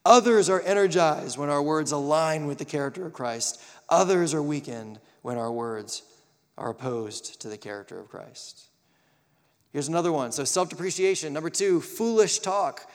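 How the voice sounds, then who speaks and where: Male youth preacher, high voice, lively delivery, echoing hall. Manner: animated, acts out quoted voices. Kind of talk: sermon. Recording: long hall reverb.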